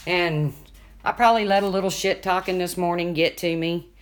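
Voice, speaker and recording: Woman w a really low deep voice chatting on her livestream, reads out comments, swears casually. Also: fairly even intonation, moderate pace, smooth. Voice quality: deep voice that people mistake for a man's. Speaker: livestream host. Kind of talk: casual livestream chat with viewers.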